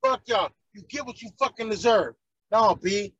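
Guy with a real high voice, ranting and cussing, dull dry recording. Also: lively intonation, normal speed, vocal fry, fairly bright tone, husky, no room sound. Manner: heated, profane, preachy. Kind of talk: profane ranting chat.

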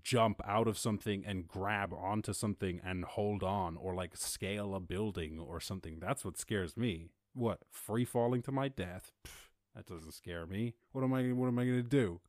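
A man hosting a podcast, telling a rambling, animated story in a casual monologue. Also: moderate pace, hardly any pauses, dry recording, clean studio sound. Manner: rambling, animated, mimics others in high voices. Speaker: podcast host.

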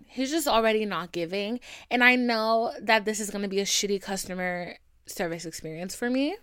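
A young woman hosting her own podcast, venting and telling stories in a candid, profane, animated way. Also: medium pitch, clean tone, no echo, clean studio sound. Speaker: podcast host. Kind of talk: casual solo podcast venting.

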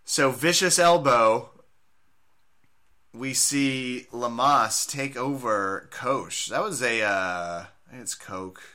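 Man, bright voice, sarcastic, casual podcast chat, laughs a lot. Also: medium pitch, extremely slow. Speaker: podcast co-host. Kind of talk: casual chat recapping a fight broadcast.

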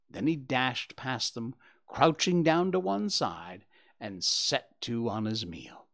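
A man reading a children's story aloud with expressive, gentle narration. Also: mid-range voice.

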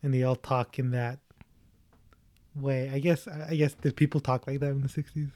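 A man's voice: mid-range voice, little pitch movement, moderate pace, a little mellow, dry recording, studio quality. A man co-hosting a casual movie chat, joking and rambling, laughing often.

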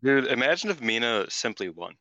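A man co-hosting a podcast in casual chat, rambling and excitable, swearing freely. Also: medium pitch, brisk, dry recording, muffled recording. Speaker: podcast co-host.

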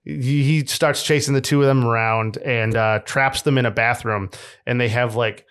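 Smooth-voiced man laughing through a podcast. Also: mid-range voice, fairly even intonation, moderate pace, a bit bright. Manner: laughs often and swears casually. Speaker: podcast co-host. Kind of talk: casual chat retelling a film plot.

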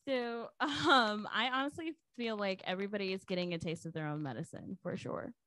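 A woman's voice: medium pitch, brisk, pushed and bright, no room sound. A woman chatting casually in a blunt, playful way. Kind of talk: casual chat.

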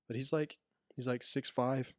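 A man's voice: mid-range voice, flat delivery, moderate pace, no room sound, studio quality. Man rambling through a story. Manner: rambling storyteller, many restarts and fillers. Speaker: prison officer telling work stories. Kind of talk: casual podcast chat.

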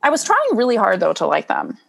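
A woman's voice: mid-range voice, huge pitch swings, fast, gravelly, fairly bright tone. A young woman co-hosting a casual chat over a remote call, rambling and hesitant, often trailing off. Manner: rambling, hesitant, keeps saying she doesn't know. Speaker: podcast co-host. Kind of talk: casual chat about a reality dating show.

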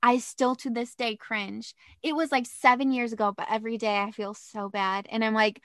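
A young woman telling a dating story in casual chat, animated and dramatic, with lots of "like". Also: on the high side, normal speed, few pauses, no echo, clean studio sound.

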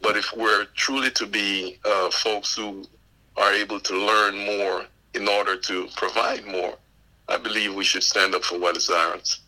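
A man from Panama speaks with a West Indian accent in a lowish but very bright, sharp-edged voice. He talks in a measured, earnest way as a podcast guest. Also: level tone, poor audio. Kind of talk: casual interview chat.

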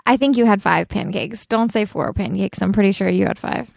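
A woman's voice: medium pitch, a little fast, vocal fry, darkish tone, no echo. A woman chatting casually on a podcast with a dry, teasing manner. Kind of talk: casual chat.

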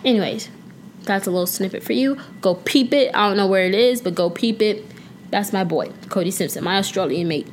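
A woman's voice: medium pitch, fairly quick, a little hiss or hum. A young woman hosting a casual solo podcast, chatting playfully with slang and now and then breaking into song. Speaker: podcast host.

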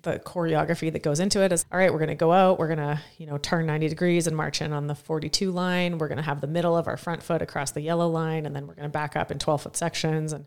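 A woman co-hosting a casual podcast chat, telling animated stories from her work as a competition judge. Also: sits low, fast, few pauses, smooth. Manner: animated storyteller who acts out quotes.

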